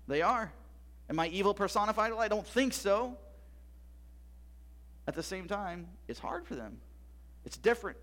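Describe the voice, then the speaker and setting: A man's voice: sits high, very animated, a little fast, a bit bright. A middle-aged man preaching a sermon, asking rhetorical questions with emphasis and sometimes dropping to a whisper. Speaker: pastor.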